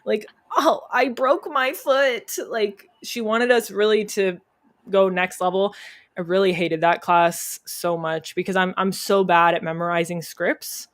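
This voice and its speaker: A woman's voice: on the low side, fairly even intonation, measured pace. A young adult woman chatting as a podcast guest, telling stories and laughing often. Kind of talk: casual chat.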